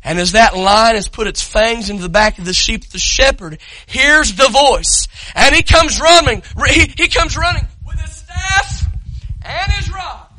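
A man preaching an impassioned sermon as pastor, telling a story dramatically and rising to shouts. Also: very high-pitched, expressive, measured pace, rough recording. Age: adult parent.

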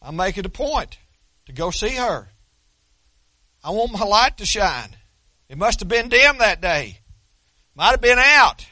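High, bright-voiced preacher man. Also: big pitch swings, measured pace, pauses often, no echo. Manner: folksy storytelling with dry self-deprecating humor; repeats and restarts words. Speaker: pastor. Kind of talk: sermon.

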